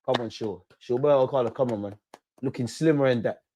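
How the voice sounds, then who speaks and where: A young man doing a live football watch-along, shouting at players and the referee in slangy banter. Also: medium pitch, normal speed.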